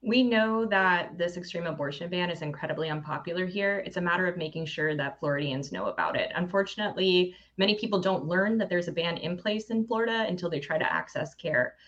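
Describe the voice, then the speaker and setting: A woman campaign director answering interview questions with steady, practiced talking points over a remote link. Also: fairly low pitch, fairly quick, hardly any pauses, dull audio.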